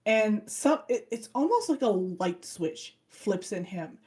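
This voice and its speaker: A woman with a medium-pitched voice, speaking a little slowly, co-hosts a casual podcast. She relates an anime plot with energy and acts out the characters' dialogue.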